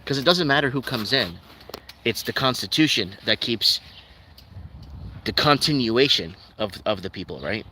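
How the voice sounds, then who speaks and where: Man, livestream host, rambling rant, skeptical, reads chat aloud, middle pitch, clear steady noise and passing cars behind. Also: normal speed, pauses often. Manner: ranting, skeptical, loose and rambling with frequent restarts. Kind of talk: rambling live stream chat, reading viewer comments. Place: at home in Calgary.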